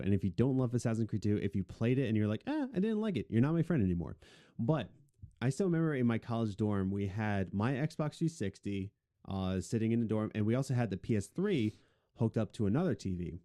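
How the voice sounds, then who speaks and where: A man's voice: fairly low pitch, animated, fairly quick, mellow. A young adult man co-hosting a podcast in casual, rambling chat, with a jokey, self-mocking way of talking. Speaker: podcast co-host.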